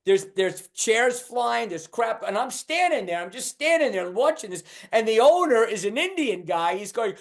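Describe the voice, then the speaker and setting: Brief: older male stand-up, high voice, animated storyteller who acts out his characters. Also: moderate pace, few pauses. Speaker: stand-up comedian guest. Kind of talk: telling a club story.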